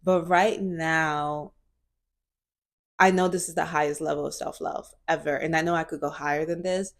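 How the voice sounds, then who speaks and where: Earnest woman in her twenties, lower voice. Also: fairly even intonation, moderate pace. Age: 20s. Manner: earnest, searching, many fillers and restarts. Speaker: vlogger. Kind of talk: reflective personal vlog.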